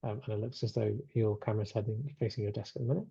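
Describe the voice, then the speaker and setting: A man hosting a webinar over a video call chats easily and reads replies from the chat with plenty of ums. His voice is mellow and dark, heard dry and close. The audio has a slightly dull, muted edge. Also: on the low side, fairly even intonation, rapid-fire, gravelly, slightly rough, dry recording. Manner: chatty, reads out chat replies, many fillers. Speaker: webinar host.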